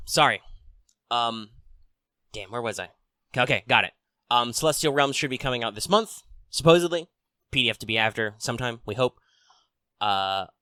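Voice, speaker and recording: Male host, casual rambling news chat into a desk mic; low-ish, bright, dry close sound. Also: dry recording. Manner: rambling, frequent ums and restarts, swears casually. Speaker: tabletop RPG news host. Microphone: desk mic on arm.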